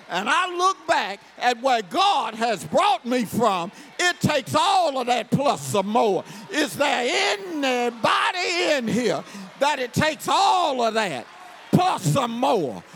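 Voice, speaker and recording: Man, very high voice, pastor, sermon, shouts then goes quiet, call-and-response. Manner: drops to quiet storytelling between outbursts.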